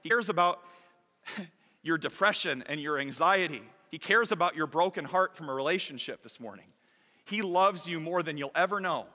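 Bright-voiced man preaching in an echoey hall. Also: high voice, normal speed. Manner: animated storytelling, shifting from lively to hushed. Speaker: pastor. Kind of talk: sermon.

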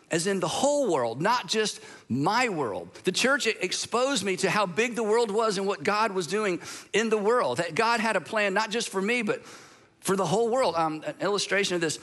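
A man's voice: high-pitched, a bit bright. An American man, middle-aged, preaching a sermon in a conversational storytelling way with humorous asides. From United States. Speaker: pastor.

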